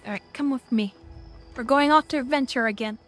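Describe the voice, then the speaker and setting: A woman's voice: high voice, brisk, soft background music. A woman streaming a game in casual chat, talking sweetly and playfully to her in-game dog.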